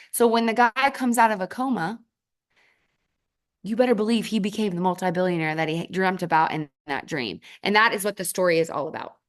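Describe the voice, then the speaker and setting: A woman in the middle of her usual pitch gives a motivational sales training to a team. She speaks in punchy direct commands and jumps sharply up in pitch when she stresses a point. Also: a bit bright. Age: adult with children. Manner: emphatic and punchy, with sudden leaps up in pitch for stress; addresses the audience directly in short commands.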